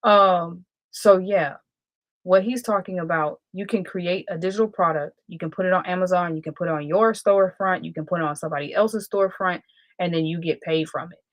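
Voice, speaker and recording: Female livestream host, casual and self-correcting, lowish voice. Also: fairly quick, dry recording. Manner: rambling, self-correcting, chatty. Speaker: live stream host.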